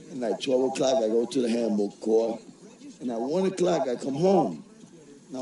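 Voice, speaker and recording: A man's voice: mid-range voice, warm tone. Middle-aged man telling a blunt, profane story. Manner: candid, profane, darkly humorous. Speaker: interviewee. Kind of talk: personal storytelling for a documentary. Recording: roomy, from a distance, faint music.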